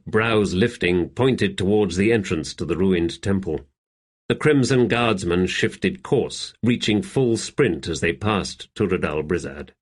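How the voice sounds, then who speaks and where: A man narrating a fantasy audiobook in a steady, measured reading. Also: fairly low pitch. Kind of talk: scripted narration.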